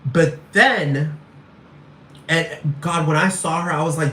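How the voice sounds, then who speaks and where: A man's voice: a little high, slow, long pauses, bright, forceful tone. A man ranting in a rambling, repetitive and profane casual monologue. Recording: echoey room, far from mic, faint noise.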